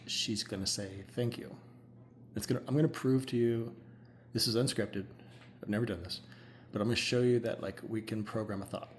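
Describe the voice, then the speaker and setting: Rambling excitable male hypnotherapist, roomy sound. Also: on the low side, fairly quick. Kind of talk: casual chat. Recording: roomy with faint ambient noise.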